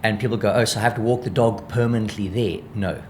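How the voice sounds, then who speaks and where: A man's voice: fairly low pitch, quick pace, a little hiss or hum. South African man explaining dog training. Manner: lively, acts out dog thoughts in voices. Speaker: animal behaviourist guest. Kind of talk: explanatory interview talk.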